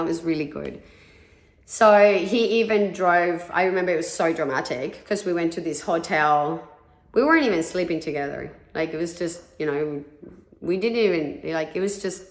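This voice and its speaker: Candid woman telling her story, echoey room. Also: lowish voice. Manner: candid, swears freely, many fillers like "like" and "you know". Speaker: podcast host telling her own story. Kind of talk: personal storytelling monologue.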